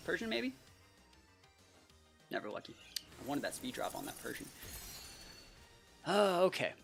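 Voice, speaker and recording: An excitable young adult talks through a competitive match, casual and quick to react. The voice swings widely in pitch. Soft music plays underneath. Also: creaky. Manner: casual and excitable, heavy use of "like" and "bro". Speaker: competitive battle player and channel host. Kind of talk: live gameplay commentary.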